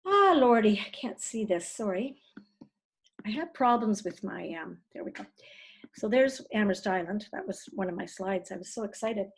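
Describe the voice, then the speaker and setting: A woman's voice: medium pitch, expressive, normal speed, husky. A woman teaching a writing class over a video call, chatty and encouraging, rambling a little as she talks. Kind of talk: casual online writing class.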